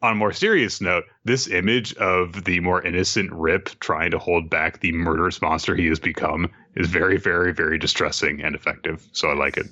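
Brief: male co-host, very low and bright-edged voice, measured delivery, lo-fi mic. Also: fairly even intonation. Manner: measured, chuckles, steers the show. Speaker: podcast co-host. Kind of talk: casual manga discussion. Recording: dull lo-fi mic.

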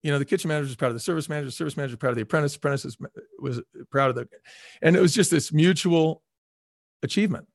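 A middle-aged former restaurant chain chief tells stories in a casual interview, repeating words for emphasis and performing the voices of people he quotes. His voice is a little high, gravelly and racing. The sound is studio quality with no echo.

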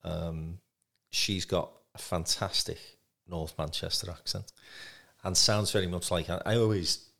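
Low gravelly guy hosting a podcast, chatty and encouraging, lots of ums. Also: fairly even intonation, a little slow. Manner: warm, encouraging, rambling with fillers. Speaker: podcast host. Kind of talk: conversational podcast interview.

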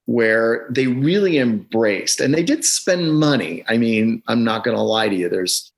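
A man's voice: medium pitch, expressive, measured pace, vocal fry, rough recording. A middle-aged man guesting on a podcast over a video call, talking in an emphatic, explanatory way and leaning on data to make his case. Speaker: education consultant, podcast guest.

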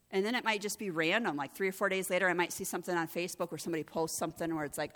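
A woman's voice: mid-range voice, very fast, hardly any pauses. A woman pastor giving a conversational sermon, growing emphatic and intense at moments. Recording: long hall reverb.

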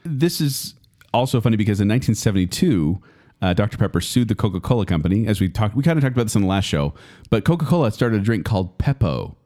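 A man's voice: on the low side, sing-song, quick pace, warm tone. A man co-hosting a casual podcast chat, talking chattily and reading facts aloud with emphasis. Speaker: podcast co-host.

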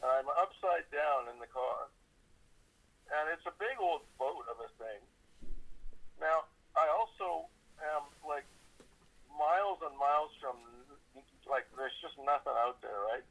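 Gravelly man telling a rambling story. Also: fairly high pitch, measured pace, long pauses, fairly bright tone, poor audio. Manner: rambling, with many fillers and restarts. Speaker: musician guest. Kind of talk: casual storytelling.

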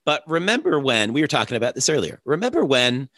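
A man's voice: medium pitch, sing-song, fast, fairly bright tone, dry recording, clean studio sound. A man hosting a casual podcast chat, joking and swearing freely, his throat congested with phlegm. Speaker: podcast host.

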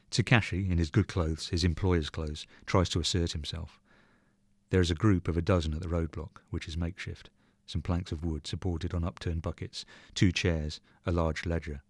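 A man reading a short story aloud in measured, even narration. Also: low-pitched, no room sound. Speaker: reader.

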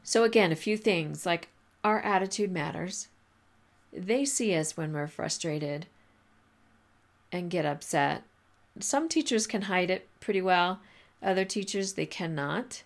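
Low gravelly-voiced woman chatting. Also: lively intonation, measured pace. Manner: chatty, filler-heavy, laughs often. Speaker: podcast host coaching teachers. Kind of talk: casual advice talk.

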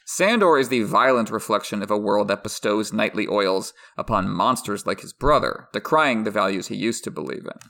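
Man, podcast co-host, scripted analysis, measured delivery, mid pitch. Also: fairly bright tone. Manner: measured, reads prepared analysis.

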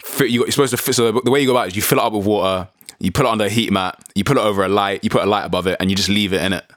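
A young man, co-hosting a podcast in casual chat, full of slang and quick banter. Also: fairly low pitch, steady tone, a bit bright, no room sound, clean studio sound.

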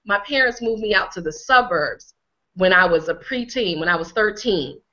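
A woman from Connecticut talks with a bright, forceful voice, a little hoarse as she gets over a cold. She leans on her words and repeats them for emphasis. The audio is slightly dull and lo-fi. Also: mid-range voice, lively intonation, moderate pace. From Connecticut, USA. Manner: emphatic, repeats phrases for effect. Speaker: healing coach, guest. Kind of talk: conversational interview.

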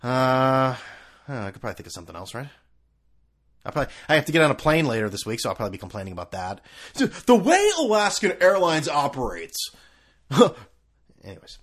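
A man's voice: mid-range voice, sing-song, quick pace, pauses often, a bit bright. Sarcastic podcast guy ranting about sports, voice jumps up and down a lot. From US East Coast. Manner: sarcastic, scattered, swears freely. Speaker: podcast host. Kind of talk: rambling solo sports podcast.

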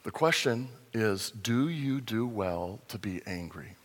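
Animated pastor in a reverberant hall. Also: male voice, fairly low pitch, takes it slowly. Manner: conversational, animated, acts out voices in his retelling. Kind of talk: sermon.

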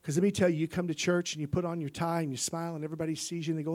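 A male pastor giving a sermon, moving from quiet personal stories to loud, impassioned preaching. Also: a little high, very fast, few pauses. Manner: impassioned preaching that swings from quiet storytelling to shouting.

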